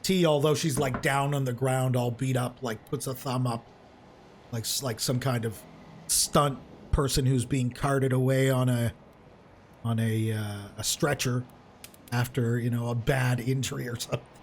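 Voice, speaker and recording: A man runs a tabletop roleplaying session as game master. He narrates in a loose, rambling way and often restarts his sentences. His voice sits at an ordinary middle pitch, with a faint hiss underneath. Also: fairly even intonation, unhurried. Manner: rambling, lots of fillers and restarts.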